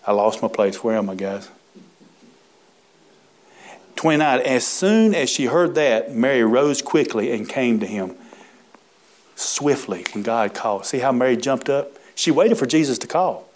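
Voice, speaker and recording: A man preaches from scripture at an everyday pitch for a man. He is folksy and emphatic, stretching key words out slowly and turning aside to talk with his congregation. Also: lively intonation. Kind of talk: sermon reading and expounding scripture.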